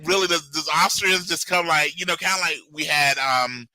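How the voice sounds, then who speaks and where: Middle-aged male co-host, jokey riffer, very bright voice. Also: a little high, no echo, rough recording. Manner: jokey, riffing, quick asides. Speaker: podcast co-host. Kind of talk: casual chat.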